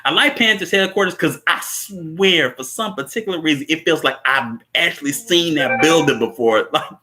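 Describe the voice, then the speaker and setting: Bright-voiced rambling man. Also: fairly high pitch, normal speed. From Chicago. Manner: rambling, laughs often, many fillers. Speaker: host. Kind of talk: casual movie recap.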